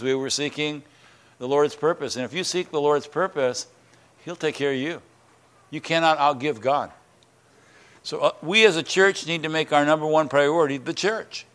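A middle-aged man preaching a sermon in church, earnest and emphatic, repeating words and rising in pitch on key lines. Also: a bit bright, clear, resonant tone. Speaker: pastor. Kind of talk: sermon and prayer.

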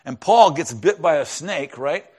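A man preaching a sermon in a conversational storytelling way, often dropping to a hushed tone to drive a point home. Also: fairly high pitch, animated, unhurried, slightly rough. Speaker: pastor.

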